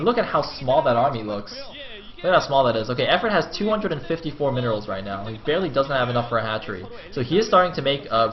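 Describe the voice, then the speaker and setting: A man casting a video game match live, excitable and swearing freely, breaking into laughing shouts. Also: medium pitch. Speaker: esports caster. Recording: echoey room, dull lo-fi sound.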